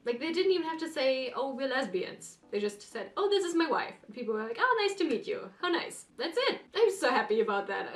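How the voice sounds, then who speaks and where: A woman hosting a reaction video, chatting casually and rambling, with apologetic asides. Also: mid-range voice. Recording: roomy echo.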